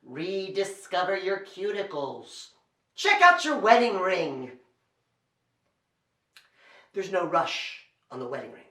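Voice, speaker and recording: A man's voice: sits high, sing-song, slow, pauses often, bright, forceful tone. A man performing as a children's entertainer and storyteller, talking straight to kids at home with a playful, exaggerated show delivery. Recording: roomy echo.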